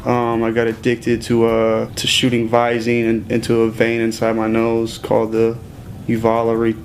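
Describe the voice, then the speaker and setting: There's a little hiss or hum on the recording of this young man, who is an interview guest swapping casual stories. His delivery is completely flat at a normal speed and medium pitch, though he swears often, wanders off topic, and laughs between lines.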